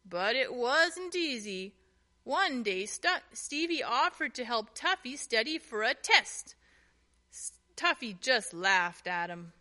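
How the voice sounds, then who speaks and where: Slow, animated woman storyteller. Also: fairly high pitch. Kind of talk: children's storybook narration.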